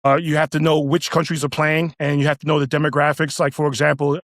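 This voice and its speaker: Halting ex-cop man telling stories. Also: fairly high pitch, flat delivery, a bit bright, no echo, studio quality. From United States. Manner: halting, repeats words, acts out quoted dialogue. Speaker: guest, retired police officer. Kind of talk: casual storytelling.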